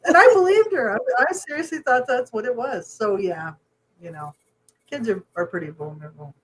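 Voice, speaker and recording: A woman co-hosting a casual podcast chat who talks in a chatty way, laughs often and lets her sentences trail off softly. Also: a little high, expressive, fairly quick, husky, rough recording. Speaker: podcast co-host.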